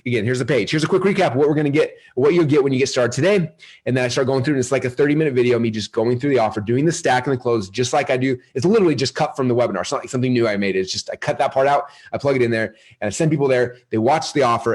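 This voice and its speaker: A man presenting a live marketing webinar, energetic and salesy, often asking his audience questions. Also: medium pitch, racing.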